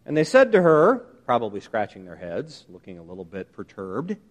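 A man preaching a sermon, emphatic and animated, often asking his listeners rhetorical questions. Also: lowish voice, moderate pace. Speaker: pastor.

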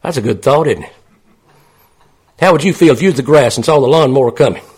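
A man's voice: medium pitch, animated, quick pace, a little mellow, breathy edge. A man preaching a sermon in a folksy, plain-spoken way, often asking his listeners questions.

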